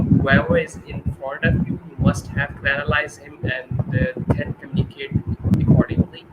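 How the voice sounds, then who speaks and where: A man's voice: mid-range voice, highs cut off. A man hosting a podcast interview, asking questions hesitantly with many fillers. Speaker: podcast host. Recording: loud background noise.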